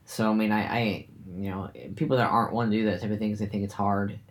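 A man's voice: on the low side, level tone, fast. A man in casual conversation about martial arts training, earnest and reflective, often restarting his sentences as he thinks. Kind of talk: casual chat.

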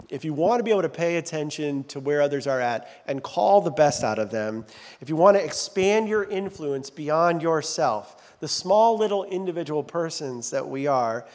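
A man's voice: fairly high pitch, a little mellow, in a large hall. A man preaching a sermon as a pastor in a church, talking in a loose, joking, self-deprecating way. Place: large church sanctuary.

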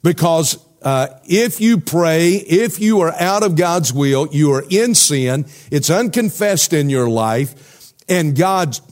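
A man's voice: on the high side, animated, slow, darkish tone. A male pastor preaching a sermon in a conversational way, putting questions to the congregation.

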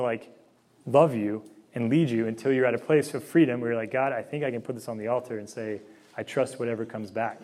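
A man's voice: mid-range voice, a little mellow. A man giving a casual sermon-style talk on discernment, conversational and full of asides and acted-out dialogue. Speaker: speaker giving a faith formation talk.

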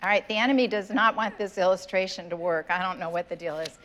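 A woman's voice: fairly low pitch, fast talker, fairly bright tone. Woman pastor preaching earnestly. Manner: earnest, conversational preaching with scripture readings. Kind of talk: sermon. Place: church sanctuary.

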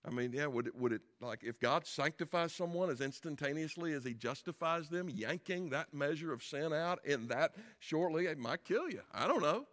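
A man's voice: fairly high pitch, lively intonation, moderate pace, few pauses, fairly bright tone. A middle-aged man, a pastor, preaching a sermon in a conversational way, asking the audience questions and building to emphatic peaks.

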